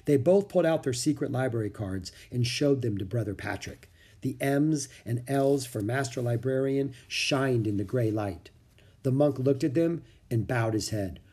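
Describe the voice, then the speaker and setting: Husky man reading a children's story. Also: medium pitch, moderate pace. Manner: expressive, shifts voices for each character. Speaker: audiobook narrator.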